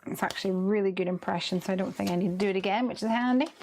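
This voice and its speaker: A woman from the UK chats through a live crafting demo at her desk mic, thinking aloud and trailing off into quiet murmurs as she works. Her pitch sits in a middle range, and faint clicks come through behind her. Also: very fast, a little hiss or hum. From United Kingdom. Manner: chatty, thinks aloud while working, trails off into soft murmurs. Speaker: crafting livestream host.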